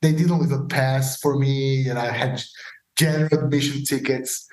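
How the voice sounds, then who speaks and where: A man as a podcast guest, telling stories casually and acting out the dialogue with lively voices. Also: mid-range voice, moderate pace. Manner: animated, acts out quoted dialogue. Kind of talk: casual storytelling interview. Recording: roomy echo.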